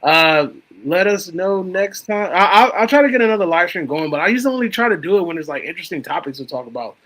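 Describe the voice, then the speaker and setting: A man's voice: high voice, animated, fast, fairly bright tone, poor audio. A young man hosting a live stream, chatting casually about horror movies and swearing freely. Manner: laid-back, swears freely.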